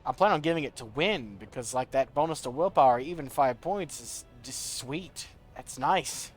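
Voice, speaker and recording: A man's voice: mid-range voice, lively intonation, moderate pace, faint music behind. A young man streaming a video game, rambling through gear stats and joking about his own voice as he talks to chat. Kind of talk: casual gameplay commentary. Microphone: studio desk mic.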